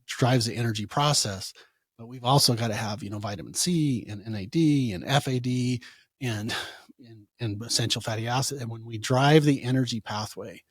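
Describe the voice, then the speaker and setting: A man, a chiropractor, answering interview questions in a conversational way, telling animated stories and acting out what his patients said. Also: mid-range voice, slightly rough, dry recording, studio quality. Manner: animated storytelling, acts out quoted patients. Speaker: chiropractor guest.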